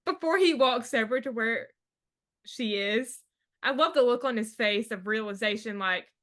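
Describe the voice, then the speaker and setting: A woman with a bright, forceful, somewhat high voice hosts a casual podcast chat. She recaps scenes with chatty enthusiasm. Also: normal speed. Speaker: podcast host.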